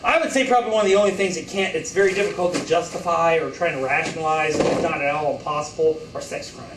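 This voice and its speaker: A man's voice: on the high side, quick pace. A man lecturing a college class, joking and throwing rhetorical questions at the students, often acting out quotes in other voices. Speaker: college instructor. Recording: echoey room from far off, faint hiss.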